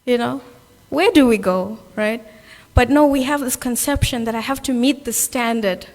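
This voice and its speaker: A woman's voice: fairly high pitch, normal speed, darkish tone. A South African woman giving an earnest, conversational sermon at a Sunday temple gathering, often checking in with "right?". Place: temple hall. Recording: long hall reverb.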